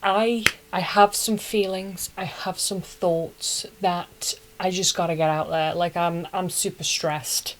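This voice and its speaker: A woman's voice: on the low side, fairly even intonation, takes it slowly, few pauses, noisy background. A young woman hosting a casual anime recap, talking in a chatty, slangy, opinionated way.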